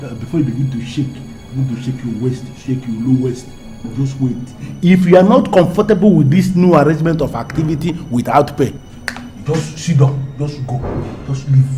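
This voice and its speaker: A man plays a domineering Nigerian-accented lover, menacing and grandiloquent, repeating himself for weight. His pitch sits mid-range for a man. A faint film score runs beneath him. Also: lively intonation, normal speed, mellow, faint music behind, natural voice. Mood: threatening. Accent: Nigerian English. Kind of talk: Nollywood film acting.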